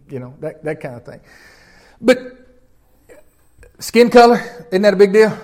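An older Southern man delivers a sermon with a notably high voice for a man. He preaches in a folksy, homespun way and keeps turning to the congregation with questions. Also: very animated, unhurried, pauses often, a little mellow. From Memphis, Tennessee. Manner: folksy, conversational, peppered with rhetorical questions to the congregation. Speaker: pastor.

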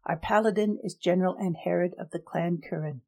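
A woman voicing a cold young male emperor who speaks in measured, formal decrees in a storybook reading. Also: on the low side, warm tone.

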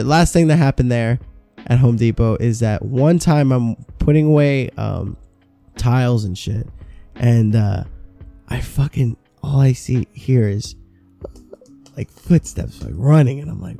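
A man's voice: medium pitch, vocal fry, warm tone. A man co-hosting a podcast, telling a rambling, profane work story in casual chat. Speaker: podcast co-host.

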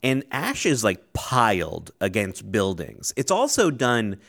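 A man's voice: on the low side, huge pitch swings, takes it slowly, gravelly, fairly bright tone. A man co-hosting a casual podcast who gives short, dry verdicts and then explains at length with fillers. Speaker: podcast co-host.

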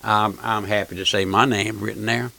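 Fervent gravelly radio preacher man. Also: on the low side, steady tone, moderate pace, pushed and bright. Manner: fervent, repeats phrases and addresses the listener as "my friend". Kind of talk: fire-and-brimstone radio sermon.

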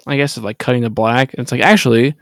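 A man's voice: medium pitch, fairly even intonation, quick pace, dry recording. A man co-hosting a podcast, talking loosely and hesitantly about a film, with lots of "like" and "I think". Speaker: podcast co-host. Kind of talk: casual film discussion.

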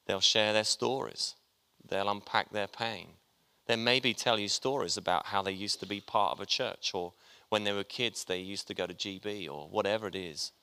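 Chatty preacher in a reverberant hall. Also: male voice, lowish voice, moderate pace, few pauses, pushed and bright, clear, resonant tone. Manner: chatty and jokey, talks to the congregation. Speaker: pastor. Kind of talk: sermon.

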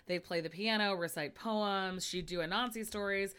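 This is a young woman in casual podcast chat, talking loosely and filling her sentences with "like". Her voice is bright and forceful, sitting at an ordinary middle pitch for a woman. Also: moderate pace, clear, resonant tone. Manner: chatty, heavy use of "like". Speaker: podcast co-host.

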